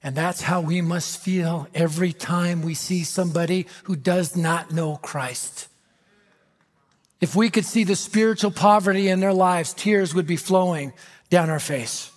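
A middle-aged American man preaching a storytelling sermon, animated and dramatic, dropping to a hush for emphasis. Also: high voice, unhurried. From United States. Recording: reverberant hall.

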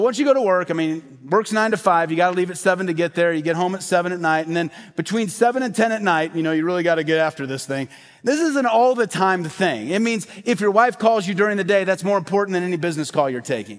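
A man preaching a sermon in a church, talking conversationally and animatedly to the congregation with asides. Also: sits high. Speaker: pastor. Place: church sanctuary. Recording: hall reverb.

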